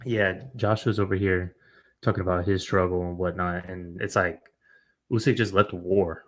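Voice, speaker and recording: A man's voice: sits low, fairly even intonation, moderate pace, a bit bright. A man hosting a reaction video, talking in a blunt, chatty way with lots of fillers. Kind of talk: casual reaction commentary.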